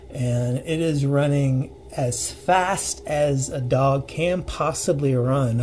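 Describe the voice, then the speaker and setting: A man telling a personal ghost story in a casual, earnest way, pausing and restarting as he recalls the details. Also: on the high side, a little mellow, slight background noise. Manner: earnest, halting retelling with restarts and vivid detail.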